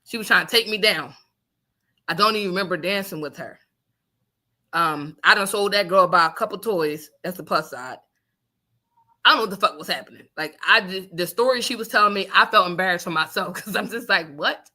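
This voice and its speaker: A woman co-hosting a radio show, telling a story in casual chat, animated and swearing, laughing often and acting out what people said. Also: on the low side, fairly quick. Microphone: studio microphone.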